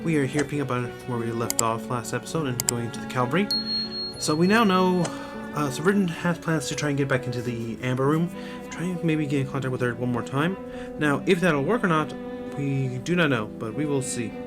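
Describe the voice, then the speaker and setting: A man's voice: medium pitch, a little fast, music in the background. A man hosting a gaming channel, chatting casually and reading the story aloud as he plays. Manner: chatty, relaxed.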